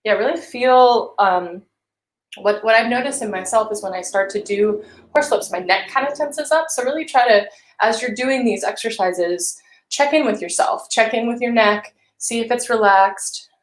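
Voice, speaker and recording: A woman coaching a vocal warm-up, talking listeners through each exercise in a gentle, encouraging way. Her voice sits at an ordinary middle pitch for a woman. The room adds a noticeable echo around her. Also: normal speed, slight background noise. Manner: gentle, encouraging guidance with hums and sung syllables. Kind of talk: live-streamed vocal warm-up instruction. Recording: roomy echo.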